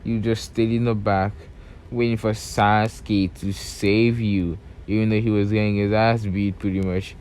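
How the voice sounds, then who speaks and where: A man's voice: on the low side, level tone, unhurried, a little mellow, slight background noise, close to an everyday voice. A young man doing a cocky, taunting young ninja. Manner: mocking, blunt.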